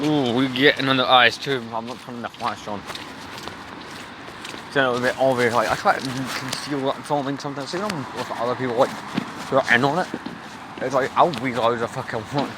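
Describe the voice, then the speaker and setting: A man's voice: medium pitch, brisk. A young man vlogging casually while walking city streets, rambling and swearing freely as he talks to a handheld camera. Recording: noisy street recording.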